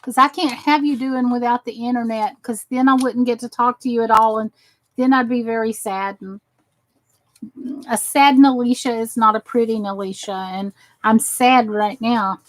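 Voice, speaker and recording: A woman's voice: a little high, fairly even intonation, moderate pace, low-quality recording. An exhausted woman chatting casually as she works on crafts for her channel, rambling and talking to herself as she goes. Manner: rambling, talks to herself while working.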